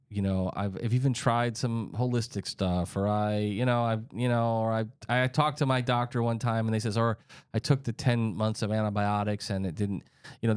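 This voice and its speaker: A man's voice: fairly low pitch, darkish tone, smooth, no room sound, clean studio sound. A middle-aged man hosting a podcast interview in casual chat, chatty and often repeating words as he searches for his thoughts. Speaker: podcast host.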